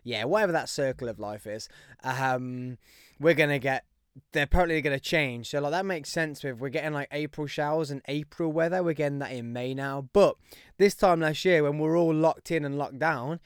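A man's voice: on the high side, normal speed, clear, resonant tone, dry recording, clean studio sound. Hyped Birmingham-accented man. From West Midlands, England. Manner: upbeat, hyped and rambling. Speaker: podcast host. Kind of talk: casual podcast monologue.

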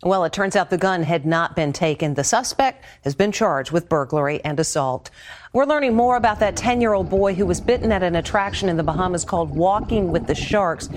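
A woman news anchor reading scripted segment introductions in a brisk, conversational way. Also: on the low side, animated.

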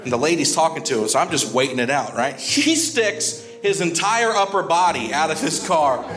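A male stand-up comedian telling a story on a club stage, animated, with sudden jumps in his voice. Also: a little high, normal speed. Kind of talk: stand-up set. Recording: echoey live club with music.

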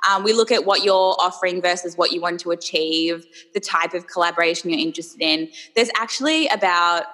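Bright Australian woman in a reverberant hall. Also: on the low side, brisk. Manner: chatty and upbeat, laughs often, many fillers. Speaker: startup founder, guest. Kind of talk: casual interview conversation.

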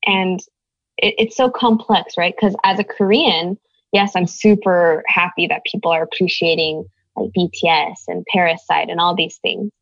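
Lower-pitched earnest woman, dull audio. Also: steady tone, normal speed, no room sound. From United States. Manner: earnest, thoughtful, searching for words. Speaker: interview guest. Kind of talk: reflective conversation.

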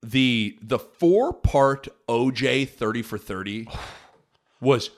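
A man co-hosting a podcast, chatting casually in an animated, rambling and emphatic way. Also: medium pitch, slow. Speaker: podcast co-host. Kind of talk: casual chat.

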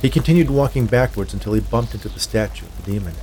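A man narrating a scripted horror story in a measured way. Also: fairly low pitch, dark tone, slight background noise.

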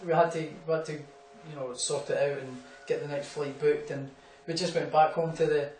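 A man's voice: a little high, fairly even intonation, normal speed, darkish tone, recorded from a distance. A young Scottish man, a boxer, telling rambling anecdotes in a casual interview, full of fillers and laughs. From Scotland. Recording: echoey room, off-mic, faint hum.

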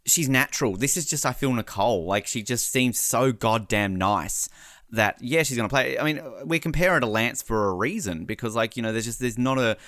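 A young man co-hosting a podcast in a casual chat, animated and quick to jump into high voices when quoting people. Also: no echo, studio quality. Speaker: podcast co-host.

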